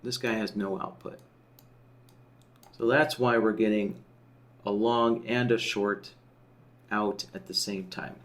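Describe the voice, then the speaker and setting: A man teaching a software tool in a screen-share tutorial, explaining step by step and often checking in with "right?" while he thinks aloud. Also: on the low side, fairly even intonation, takes it slowly, long pauses. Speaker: software trainer.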